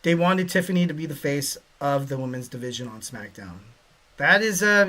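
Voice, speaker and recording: A man with a high, bright voice hosts a casual wrestling podcast. He rambles through opinions, circling back with fillers and light jokes as he goes. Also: expressive, moderate pace. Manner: rambling, lots of "you know" fillers, joking asides. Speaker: podcast host.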